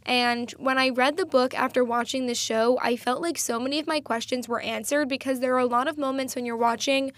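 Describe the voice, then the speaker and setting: A woman's voice: high voice, fairly even intonation, fairly quick, hardly any pauses, a bit bright, no echo. A young woman hosting a solo podcast, chatting enthusiastically and laughing at herself now and then. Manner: chatty, enthusiastic, self-deprecating, laughs often. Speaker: podcast host.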